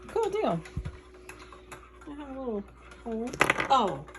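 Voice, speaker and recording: In a very noisy recording, a middle-aged woman speaks in a high-pitched voice with big pitch swings, a little slowly. She vlogs about farm family life, chatting with viewers in a casual, heartfelt way that drifts into emotion.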